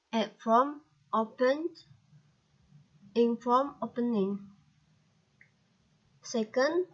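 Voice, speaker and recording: A young Indonesian-accented woman reads a grammar lesson aloud, pausing at almost every word and spelling out letters. Her voice sits fairly high, and the pace stays very slow. The recording sounds dull and lo-fi. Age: young adult. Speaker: student presenter.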